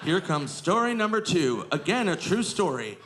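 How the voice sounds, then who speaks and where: A male stand-up comedian telling self-mocking stories on stage in a lively anecdotal way. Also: high voice, moderate pace. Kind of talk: stand-up storytelling. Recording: live club recording with crowd noise. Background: audience laughter.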